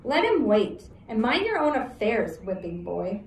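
A woman's voice: a little high, very animated, measured pace, creaky, reverberant, distant mic, slight background noise, full character voice. A woman reading aloud voicing a spoiled, haughty young prince who talks down to others. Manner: haughty and dismissive.

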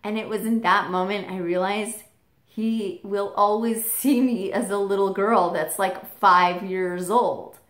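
A young woman vlogger telling a family story in a casual, animated way, acting out the people she quotes. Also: medium pitch, unhurried. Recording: echoey room.

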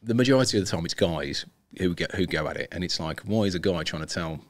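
Deep-voiced man hosting a podcast. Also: quick pace. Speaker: podcast host. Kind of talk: casual chat.

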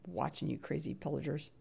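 A woman's voice: low voice, creaky, darkish tone, slightly rough. A middle-aged woman talks her way through a live game stream in a loose, chatty voice. She plays up her annoyance, grumbles at the game and reads messages from chat aloud as she goes.

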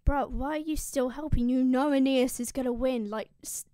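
A woman's voice: sits high, steady tone, moderate pace, warm tone, dry recording, studio quality, pitched above the performer's own voice, natural voice. A woman voicing a slangy, offhand king of the gods. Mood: impatient. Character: casual, bored king of the gods.

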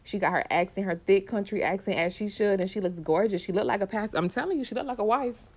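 A woman's voice: mid-range voice, fast. A woman giving casual, opinionated live reaction commentary on an awards show, chatty and full of slang.

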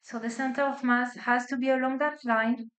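A woman's voice: sits high, level tone, moderate pace, fairly bright tone. A woman physics lecturer with a non-native accent, explaining step by step and checking in with her students. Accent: non-native English. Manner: explains step by step with frequent "okay?" and "right?" checks. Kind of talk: classroom lecture. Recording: echoey lecture hall.

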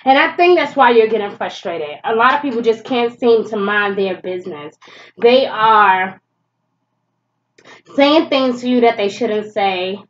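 A woman's voice: a little high, expressive, a little slow, lo-fi sound. A woman giving a casual tarot reading, chatty and blunt, swearing freely and laughing often, with a stuffy nose from allergies. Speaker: tarot reader.

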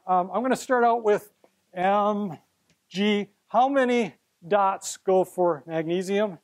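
A man's voice: high voice, a little slow. A middle-aged man teaching chemistry to a live class, playful and theatrical, coaxing students up to help him at the board. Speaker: chemistry professor.

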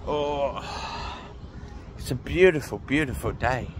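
A man's voice: medium pitch, slow pace, noisy background. A man rambling and ranting sarcastically while he walks outdoors, swearing and sighing as he talks. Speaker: vlogger. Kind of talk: casual ranting walking vlog. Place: outdoors on a walk.

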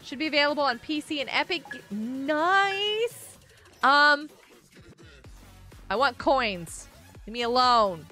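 A woman live-streaming a game in a high, bright, clear voice that jumps all over the place. She chats casually and reads messages from the chat aloud, breaking into excitable outbursts. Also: moderate pace, pauses often, faint music behind.

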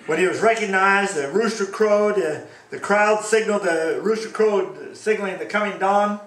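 A man preaching a sermon as pastor, reading scripture aloud and acting out the quoted lines with animated delivery. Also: high voice, normal speed, hardly any pauses, echoey room, distant mic, slight background noise, low-quality recording.

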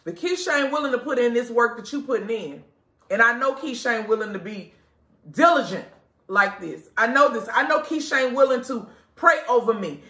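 Blunt high-voiced woman pitching lingerie. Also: animated, moderate pace, pushed and bright, roomy sound. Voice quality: blunt and profane, preachy. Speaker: lingerie store owner. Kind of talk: casual live product pitch. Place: inside her shop.

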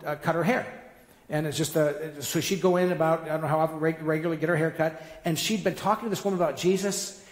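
A man preaching a sermon as a guest speaker, telling stories in an energetic, animated way. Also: a little high. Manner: energetic, animated storytelling with rising emphatic peaks. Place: church sanctuary. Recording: echoey church hall.

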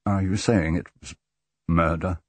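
A man voicing a shaken, frantic young gentleman in an audiobook, halting and unsteady. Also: low-pitched, expressive, slightly rough, no room sound, exaggerated voice. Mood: anxious.

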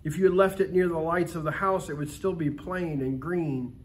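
A man reading the part of a gentle, wise aunt who speaks softly and reassuringly. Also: fairly high pitch, fairly even intonation, normal speed, lightly acted. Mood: gently teaching. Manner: soft, tender, reassuring. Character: gentle, wise middle-aged aunt, kindly and patient.

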